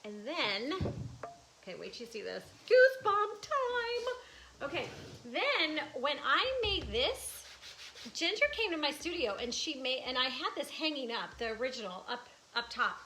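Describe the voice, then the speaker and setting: A woman's voice: high voice, animated, moderate pace, sharp tone, a little hiss or hum, low-quality recording. A woman in her fifties, an artist chatting casually and emotionally in a live stream from her art studio, with laughs and restarts. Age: 50s. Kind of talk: casual livestream chat.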